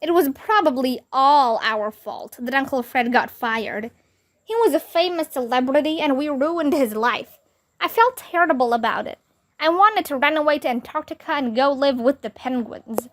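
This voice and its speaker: A woman reading a children's book aloud with expressive storytelling. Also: high-pitched, normal speed. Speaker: read-aloud narrator.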